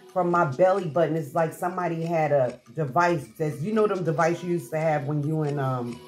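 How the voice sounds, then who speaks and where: A woman's voice: low voice, a little mellow. A middle-aged woman vlogger telling a personal story to her viewers in a chatty, heartfelt way, with many fillers and restarts. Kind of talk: casual storytelling to camera.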